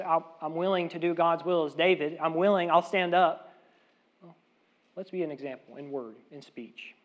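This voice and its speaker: A man preaches with earnest conviction. He repeats his key phrases, leans hard on some and drops low on others. His voice sits a little high for a man, and the recording is dull and lo-fi. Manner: earnest, repeats key phrases, swings between loud emphasis and soft asides. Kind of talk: sermon. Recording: dull, lo-fi sound.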